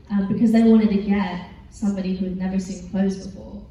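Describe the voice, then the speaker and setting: A teenage actress with an English accent answers fan questions as a panel guest in a large convention hall, rambling chattily with giggles and lots of fillers. Her warm, mid-range voice has fairly even intonation and a quick pace with few pauses. The lo-fi sound comes from far off in the echoey hall, with faint noise.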